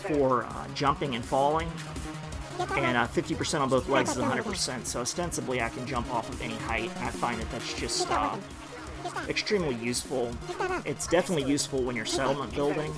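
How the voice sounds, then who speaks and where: A man giving casual, rambling gameplay commentary, full of pauses and restarts. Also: mid-range voice. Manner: rambling, with many fillers and restarts. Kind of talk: casual let's-play commentary. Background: game music.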